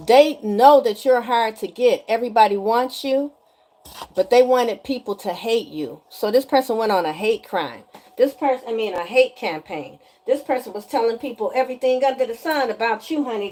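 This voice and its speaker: A woman's voice: a little high, a little mellow. A woman giving a spiritual energy reading straight to the viewer in a sassy, chatty way, often asking "okay?". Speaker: tarot energy reader.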